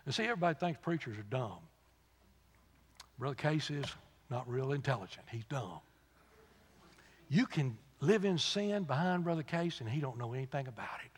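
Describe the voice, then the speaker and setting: A man preaching a sermon in a folksy storytelling manner, dropping to soft asides and rising to loud, emphatic peaks. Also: medium pitch, lively intonation, moderate pace, long pauses, slightly rough. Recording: long reverb of a large hall.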